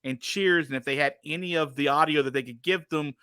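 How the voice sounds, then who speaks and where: A man co-hosting a podcast, chatting casually with animated, joking energy. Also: a little high, brisk, clean tone, dry recording, clean studio sound. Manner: animated, joking, laughs often. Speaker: podcast co-host. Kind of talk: casual chat.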